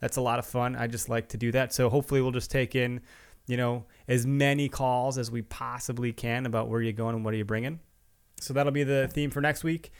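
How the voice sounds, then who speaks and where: A man's voice: medium pitch, clean tone. A man, hosting a podcast in a rambling, chatty way full of fillers. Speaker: podcast host. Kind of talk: casual solo podcast intro.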